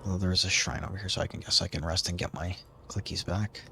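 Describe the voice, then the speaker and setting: Low-voiced man casually narrating his gameplay. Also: fast, creaky, slight background noise. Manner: relaxed, chatty, frequent "um" and "basically". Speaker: gaming streamer.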